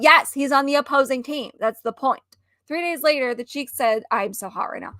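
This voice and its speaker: A woman co-hosting a casual chat stream, ranting in an animated, exasperated way. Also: high-pitched, fairly quick, no room sound, clean studio sound. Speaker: stream co-host.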